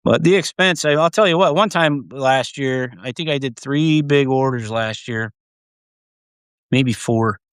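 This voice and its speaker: This man hosts a livestream in a casual, profane ramble, laughing often and trailing off only to restart. His medium-pitched voice is a little slow, a bit bright, clear and resonant, captured in a dry, studio-quality recording.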